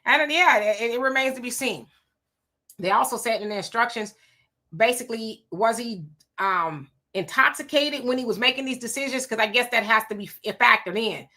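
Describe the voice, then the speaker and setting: Chatty bright-voiced woman host. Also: on the high side, normal speed. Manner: chatty, opinionated, laughing asides. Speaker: livestream host. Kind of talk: casual live chat reading viewer comments.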